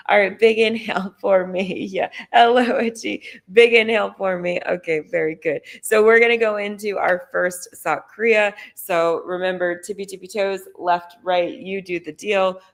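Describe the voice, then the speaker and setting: A woman's voice: on the low side, gravelly. A woman who is a holistic doctor, leading a live Kundalini yoga class with casual, chatty instructions and rhythmic chanting.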